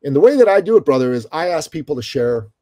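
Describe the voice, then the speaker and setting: Middle-aged guy from iran spinning a story, keeps saying brother, warm low tone. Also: fast talker, no room sound. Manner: animated storyteller, calls host brother. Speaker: guest. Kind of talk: storytelling interview.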